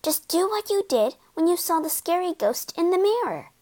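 A woman voicing an eager, excited young boy in a storybook reading, with bright eager exclamations. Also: extremely high pitch, normal speed, pitched above the performer's own voice.

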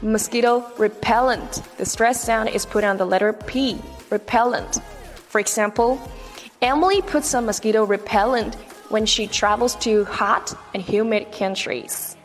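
A woman's voice: fairly high pitch, unhurried, big-room sound, soft background music. A woman teaching English vocabulary, repeating each word and checking in with "okay?" after nearly every point. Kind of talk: vocabulary lesson.

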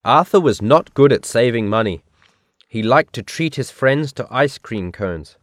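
A man narrating a children's picture book, reading slowly and expressively. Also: medium pitch, dry recording, studio quality. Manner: slow, clear, expressive reading.

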